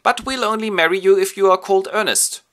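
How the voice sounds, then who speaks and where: A man's voice: high-pitched, fast talker, a bit bright, voice pushed up. A man voicing a prim young upper-class woman with a raised voice.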